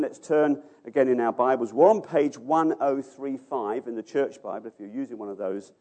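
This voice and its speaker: Speaking at medium pitch, a man preaches a sermon in a church, expounding a passage through rhetorical questions. He lets the ends of his phrases fall away softly.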